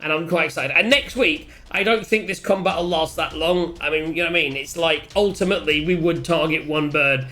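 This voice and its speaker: A man chatting excitedly as a player wrapping up a tabletop game session, swearing freely. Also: a little high, fairly quick, few pauses. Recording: faint music behind.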